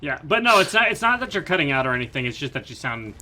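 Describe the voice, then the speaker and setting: A man's voice: fairly high pitch, big pitch swings, fast talker, pushed and bright, slight background noise. A man co-hosting a gameplay commentary, teasing and playful in casual chat over a voice call.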